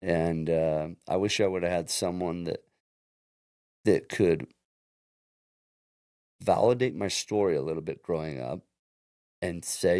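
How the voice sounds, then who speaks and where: A man's voice: sits low, a little slow, long pauses, a little mellow, clear, resonant tone, dry recording, clean studio sound. A man guest on an interview podcast, telling his own story earnestly and often restarting his sentences. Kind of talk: casual interview chat.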